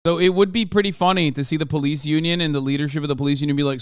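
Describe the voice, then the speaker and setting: Male streamer, higher voice, smooth and dry, swearing and rambling. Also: steady tone, quick pace, dry recording. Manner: profane, sardonic, rambling. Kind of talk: casual commentary.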